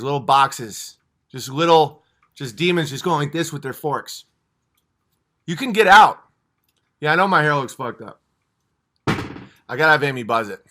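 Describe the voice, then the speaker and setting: A man hosts a livestream with a high, bright, forceful voice. He rants with heat, swearing freely and rambling between points. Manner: passionate, profane, rambling. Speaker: livestream host. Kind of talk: heated livestream rant.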